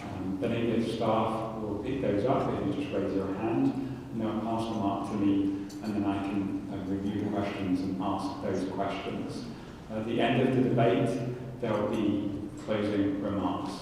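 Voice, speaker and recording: A man's voice: fairly low pitch, flat delivery, unhurried, warm tone. A man moderating a debate, explaining the rules in a procedural way with frequent ums. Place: synagogue hall with audience. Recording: echoey hall, distant mic, noise.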